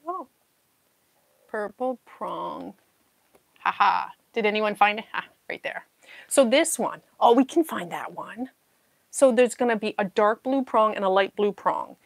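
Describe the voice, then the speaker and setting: There's no room sound as a mid-range-voiced woman from New Zealand, a puzzle channel host, chats casually on a live stream, murmuring to herself mid-search and laughing often.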